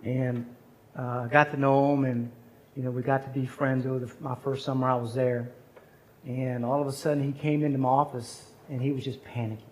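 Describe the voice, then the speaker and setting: A man in his forties preaches at a chapel service, telling a personal story and acting out the voices of the people in it. He talks briskly in a level, medium-pitched voice, and the poor audio carries a little hiss or hum.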